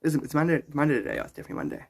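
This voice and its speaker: A man's voice: fairly high pitch, wildly swooping pitch, racing, vocal fry, breathy edge. A man streaming live and chatting casually with viewers, rambling and joking with frequent chuckles. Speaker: livestreamer. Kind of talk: casual livestream chat.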